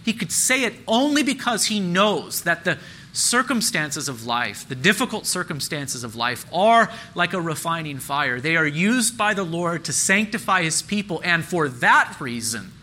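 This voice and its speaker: A man's voice: a little high, bright, forceful tone, slight background noise, low-quality recording. A man preaching a sermon as pastor, earnest and emphatic, repeating key phrases and lifting his voice on questions.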